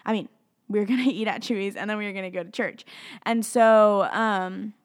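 A woman's voice: medium pitch, steady tone, moderate pace. Chatty young Southern woman gushing. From Tennessee and Alabama. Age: young adult. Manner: chatty, gushing, full of "like" fillers and laughs. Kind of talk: casual storytelling vlog.

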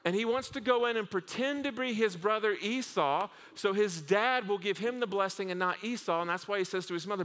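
A man preaching a sermon to a congregation, telling the stories with humor and lively asides. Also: high voice, fairly quick, few pauses. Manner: humorous, animated storytelling with acted asides. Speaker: pastor. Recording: long hall reverb.

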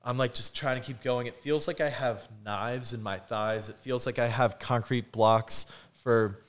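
A man's voice: medium pitch, measured pace. A man, a podcast guest, telling a personal story in casual chat, acting out what people said and laughing often. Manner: animated, acts out quotes, laughs often.

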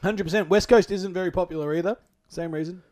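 An Australian man co-hosting a podcast, loud and sweary, laughing through casual banter. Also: high-pitched, fast talker. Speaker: podcast co-host.

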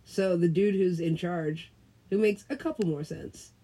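A woman in rambling casual chat, profane and giggly, swinging from loud bursts to whispers. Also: fairly low pitch, unhurried, husky, low-quality recording.

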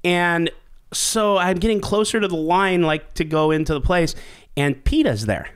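A man's voice: high voice, moderate pace, clean tone. A man hosting a podcast, telling a story in casual chat with lots of swearing and laughter. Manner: animated, swearing, laughs at his own story. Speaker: podcast host.

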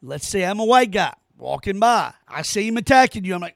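A man's voice: high-pitched, very animated, fairly quick, vocal fry, no room sound, clean studio sound. A man hosting his own opinion podcast, ranting in an exasperated way straight to his listeners. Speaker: podcast host.

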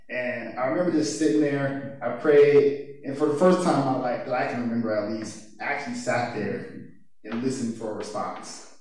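A young college-age man preaches to a youth group in a relaxed, talkative way, mixing scripture reading with personal stories and easy laughs. His voice sits at an average pitch and is picked up from a distance. The room is very echoey, with a faint hiss behind him. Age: young adult. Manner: chatty, laughing, personal storytelling. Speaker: youth speaker. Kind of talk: casual youth sermon.

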